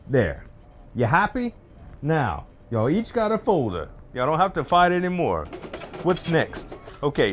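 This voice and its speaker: A man's voice: medium pitch, a little hiss or hum. A man playing a VR game, chatting casually to viewers and the objects he handles, with nervous laughs. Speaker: gaming YouTuber. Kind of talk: casual let's play commentary.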